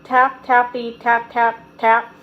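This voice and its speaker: Woman storyteller, children's book read-aloud, gentle, fairly high voice. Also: monotone, slow pace, phone-quality sound. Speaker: storybook reader.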